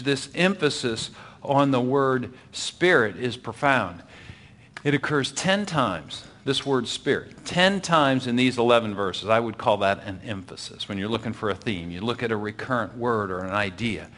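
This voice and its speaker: A man giving a Bible lesson in a patient, explaining way. He stops to check that his listeners follow, and he sometimes sinks his voice almost to a whisper for emphasis. His pitch sits in an ordinary middle range. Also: animated, normal speed, a bit bright. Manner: explains patiently, asks the audience for agreement. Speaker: Bible teacher. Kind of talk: Bible teaching talk.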